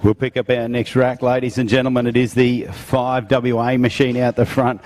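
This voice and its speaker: A man calls a bike race on a public address system, speaking in an even, steady tone. He announces riders and addresses the crowd at an outdoor track. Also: medium pitch, moderate pace, few pauses, a little hiss or hum. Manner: showman calling to the crowd. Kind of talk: live race commentary.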